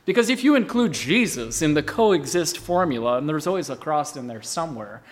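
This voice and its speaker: A man preaching a sermon, emphatic, swinging between loud bursts and hushed asides. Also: fairly high pitch, big pitch swings, fairly quick.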